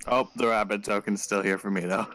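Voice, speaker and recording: A man's voice: lowish voice, fairly even intonation, brisk, fairly bright tone, soft background music. A man playing a tabletop game online, easygoing and chuckling in casual chat. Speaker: player.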